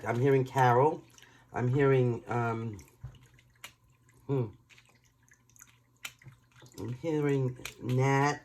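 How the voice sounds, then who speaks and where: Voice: mid-range voice, a little mellow, slight background noise. Tarot reader from New York, chatty and emotional, talks straight to viewers in a casual reading.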